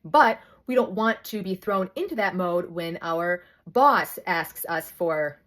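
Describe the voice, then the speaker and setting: A woman in her thirties, a bit out of breath, talks chattily to camera on a phone held close. Her voice is fairly low and slow, and she tells an animated story while breaking off and restarting her sentences.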